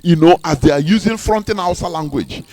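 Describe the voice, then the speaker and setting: Male speaker, emphatic, keeps asking rhetorical questions, slightly high-pitched. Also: fairly quick, dark tone. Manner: emphatic, repeats words and asks rhetorical questions. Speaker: speaker on a live broadcast. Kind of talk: impassioned speech.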